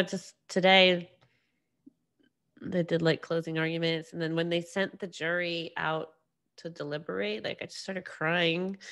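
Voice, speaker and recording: एक युवा महिला होस्ट, जो अकेले बैठकर अपने पॉडकास्ट पर बिखरी-बिखरी बातें करती है, बार-बार वाक्य अधूरे छोड़कर फिर से शुरू करती है और खुद पर ही हँसती है।. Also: female voice, lowish voice, gravelly, fairly bright tone. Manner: rambling, self-deprecating, many restarts. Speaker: podcast host. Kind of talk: casual solo monologue.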